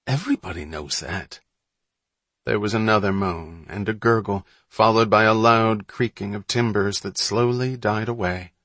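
Low-voiced guy reading a spooky kids story, husky, dry close sound. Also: fairly even intonation, normal speed, few pauses, a bit bright, dry recording. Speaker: narrator. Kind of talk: audiobook narration.

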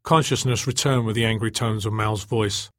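Reading a novel aloud, a male audiobook narrator with a lowish voice delivers steady, measured scripted narration. The recording is studio quality with no room sound.

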